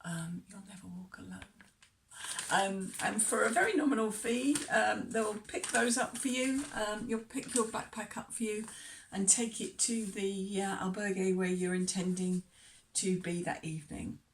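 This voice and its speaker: A woman's voice: medium pitch, unhurried, a little hiss or hum. A woman travel vlogger talking casually to camera, hesitant with many ums and chatty asides. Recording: distant mic.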